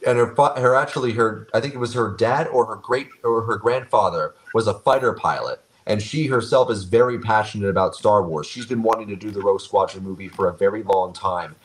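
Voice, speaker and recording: A man co-hosting a casual podcast, laying out news in a measured, informative way. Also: lowish voice. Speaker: podcast co-host. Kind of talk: casual chat.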